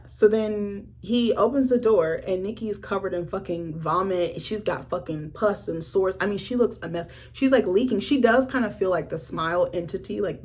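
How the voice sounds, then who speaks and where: A young woman casually recapping a film she reviewed, animated and profane, with a husky voice. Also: fairly low pitch. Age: young adult. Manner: animated storytelling with profanity and laughter.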